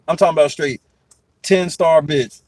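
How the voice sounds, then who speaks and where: A young man and podcast host telling stories in a casual chat, profane and animated, often breaking into laughter. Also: on the high side, normal speed, slight background noise, low-quality recording.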